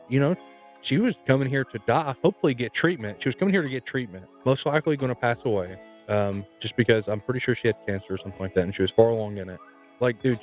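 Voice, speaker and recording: A young man co-hosting a podcast, laid-back and profane, laughing often as he tells stories. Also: mid-range voice. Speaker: podcast co-host. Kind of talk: casual chat.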